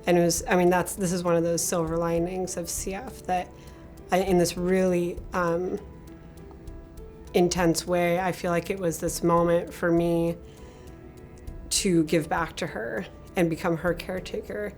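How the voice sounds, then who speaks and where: Low, creaky woman speaking haltingly. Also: flat delivery, a little mellow, soft background music. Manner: halting, reflective. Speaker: patient. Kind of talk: documentary interview.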